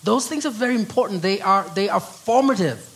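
A middle-aged Kenyan man preaching a sermon with an earnest delivery, often dropping to a hushed voice on key phrases. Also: sits high, lively intonation, fairly quick, low-quality recording. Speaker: pastor.

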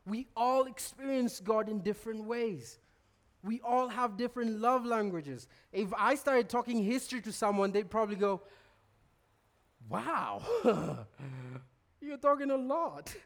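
Guy preaching, pretty high voice, chatty storytelling with lots of restarts. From Kenya. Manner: animated storytelling, stammered restarts, bursts of laughter. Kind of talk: sermon.

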